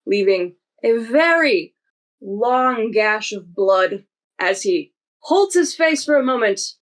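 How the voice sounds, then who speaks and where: Woman running a tabletop game, slow vivid storytelling. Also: mid-range voice, low-quality recording. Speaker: game master.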